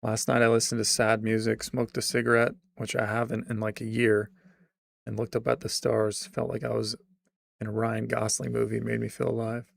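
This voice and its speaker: A man streaming and chatting casually, rambling with restarts and trailing off into quiet mumbles. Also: medium pitch, completely flat delivery, normal speed, vocal fry. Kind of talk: casual livestream chat.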